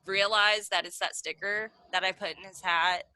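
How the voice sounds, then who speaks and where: A woman's voice: medium pitch, fairly even intonation, normal speed, pushed and bright, clean tone, no room sound. A woman in her thirties telling a rambling story on a video call, filling every gap with "like". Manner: rambling, packed with "like" fillers. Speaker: meeting participant sharing a story. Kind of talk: casual chat on a video call. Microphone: video call mic.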